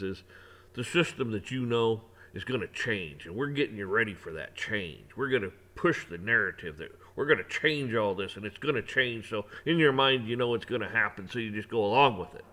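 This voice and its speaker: A man's voice: fairly low pitch, brisk, fairly bright tone. Preachy man ranting emphatically. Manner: preachy and emphatic, repeats phrases, swears; religious preaching tone. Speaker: online commentator. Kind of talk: ranting opinion monologue.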